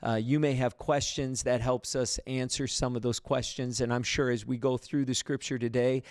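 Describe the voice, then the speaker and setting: A man pastor teaching a livestreamed Bible study in a conversational way, with fillers and restarts, his pitch rising for emphasis. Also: little pitch movement, moderate pace, darkish tone, dry recording, clean studio sound.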